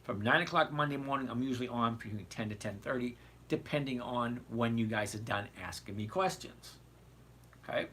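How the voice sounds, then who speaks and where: Chatty older man with a bright voice. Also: medium pitch, moderate pace, slight background noise. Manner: rambling, digressive, chatty, addresses viewers by name. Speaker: trading livestream host. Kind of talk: casual livestream chat answering viewer questions.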